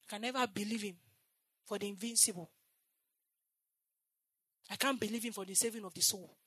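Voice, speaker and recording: A woman preacher delivering a sermon, swinging from loud shouted exhortation to soft, hushed confession and repeating phrases for emphasis. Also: medium pitch, normal speed, breathy edge, dry recording.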